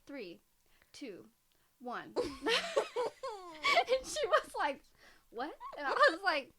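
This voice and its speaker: Animated woman telling funny stories. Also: very high voice, extremely slow, heavy background noise. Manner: animated, acts out others in stories. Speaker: podcast co-host. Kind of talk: casual chat, storytelling.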